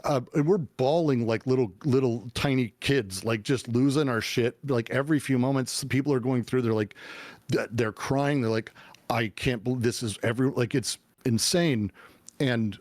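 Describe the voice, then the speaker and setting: A middle-aged man telling his life story as an interview guest, animated and swearing, with many fillers and restarts. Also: mid-range voice, normal speed, dry recording, clean studio sound. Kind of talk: casual storytelling.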